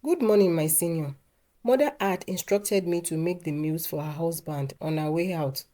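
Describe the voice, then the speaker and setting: A woman's voice: lowish voice, moderate pace, warm tone, lightly acted. A woman voicing a scheming, dramatic young woman in a storybook tale. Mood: casual. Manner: casual, then wailing and exaggerated. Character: scheming young would-be second wife, dramatic.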